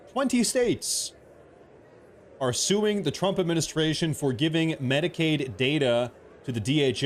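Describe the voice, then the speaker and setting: Some hiss or hum sits under this man's medium-pitched voice. He's hosting a political livestream from his home, offering loose live commentary full of jokes, repetition and rambling.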